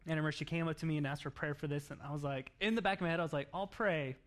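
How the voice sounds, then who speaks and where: A man preaching a sermon, telling a story in an animated way with laughs and acted-out quotes. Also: a little high, very fast. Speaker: pastor.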